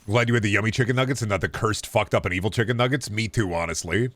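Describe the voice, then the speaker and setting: A man with a slightly low voice chats loosely with his viewers while playing a video game. He rambles, restarts his sentences and drops casual swears into his jokes. His tone is relaxed and offhand. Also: fast talker, no echo. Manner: answers chat questions while playing. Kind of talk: casual rambling stream chat.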